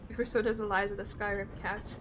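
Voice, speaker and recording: A woman's voice: medium pitch, level tone, quick pace, a bit bright, soft background music. A young woman streaming a game, chatting casually with her viewers and swearing freely. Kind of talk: casual gameplay commentary.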